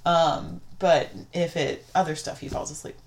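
A young woman chatting frankly as a podcast guest, talkative and quick to laugh. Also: low-pitched, little pitch movement, gravelly, a little mellow. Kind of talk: casual chat.

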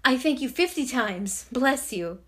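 A woman voicing an elderly man, a former miser turned joyful and generous, talking with eager, effusive warmth in an audiobook. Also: high-pitched, animated, a little slow, full character voice. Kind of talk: audiobook character reading.

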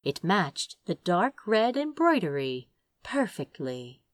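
A woman reading a story aloud as narrator, with measured, expressive storytelling. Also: lowish voice. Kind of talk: audiobook narration.

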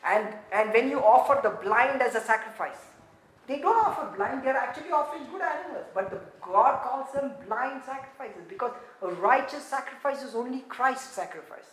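High-voiced woman preaching in an echoey room. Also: moderate pace. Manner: animated, building to shouts; laughs often while preaching. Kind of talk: sermon. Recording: roomy echo.

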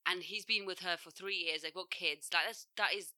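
A woman's voice: fairly low pitch, steady tone, normal speed, sharp tone. A young woman co-hosting a podcast, talking bluntly in casual chat, often laughing and swearing offhand. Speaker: podcast co-host.

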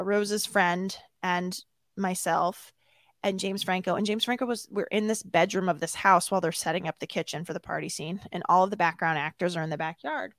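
A woman telling a self-mocking story as an interview guest, animated and laughing often. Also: medium pitch, no room sound.

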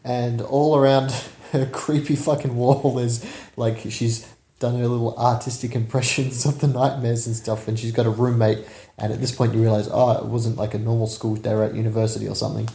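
A man's voice: medium pitch, little pitch movement, fairly quick, gravelly, dark tone. A man casually recapping a film on a podcast, swearing and laughing as he retells the scenes. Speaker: podcast co-host. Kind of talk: casual movie recap chat. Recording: echoey room.

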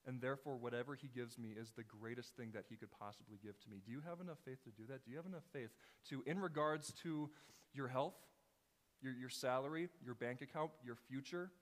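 A male pastor preaching a sermon with passion, firing rhetorical questions and swinging between hushed and loud. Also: medium pitch, brisk. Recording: long reverb in a large hall.

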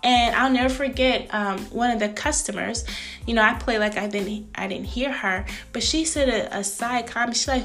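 A woman in her thirties talks through a faith-based podcast in a voice pitched a little high. She has soft music playing under her. She is lively and preachy and keeps calling the listener sis. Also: moderate pace. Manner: animated, frequent laughs, acts out greetings. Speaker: podcast host.

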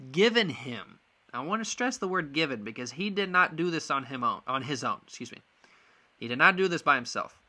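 Bright-voiced young man ranting about sports. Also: medium pitch. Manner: frank, frustrated, many ums and restarts. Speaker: sports podcast host. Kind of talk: casual opinion monologue.

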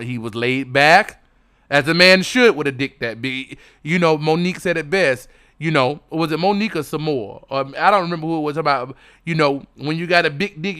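A man with a high, smooth voice tells a story in a flamboyant, theatrical way, breaking now and then into loud cries. His voice is recorded dry and close, with no room sound. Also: no echo. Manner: flamboyant, dramatic, animated storytelling with sudden loud exclamations. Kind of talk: explicit storytelling monologue.

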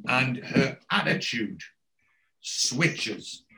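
A man's voice: medium pitch, sing-song, very slow, pushed and bright. A man recapping a TV episode in casual chat. He rambles as he tells the story and keeps restarting his sentences.

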